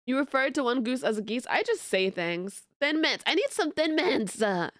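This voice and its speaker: A young woman streamer chatting casually with her viewers, telling stories in animated, laughing rants. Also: high voice, normal speed, hardly any pauses, dry recording, clean studio sound. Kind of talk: casual live-stream chat.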